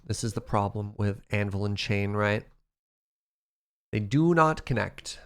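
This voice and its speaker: A man's voice: fairly low pitch, measured pace, clean tone. A man streaming a building game live, chatting playfully with his viewers. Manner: animated and playful, talks to the chat. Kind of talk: live gameplay chat with viewers.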